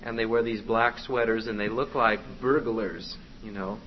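A man's voice: on the low side, fairly even intonation, moderate pace. A man preaching a conversational, exhorting sermon to his congregation. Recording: dull lo-fi with faint noise.

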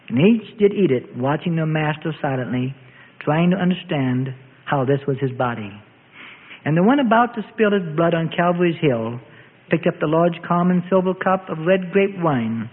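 A man's voice: a little high, slight background noise. A man narrating a Bible story in a solemn scripted style, with old-fashioned phrasing. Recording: tinny phone-like audio with long reverb.

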